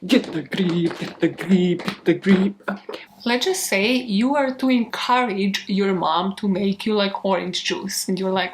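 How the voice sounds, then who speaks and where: A woman's voice: medium pitch, a little slow. A young woman in casual outtake chatter to the camera, profane, giggly and self-mocking, on a desk microphone at home. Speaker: true crime YouTuber.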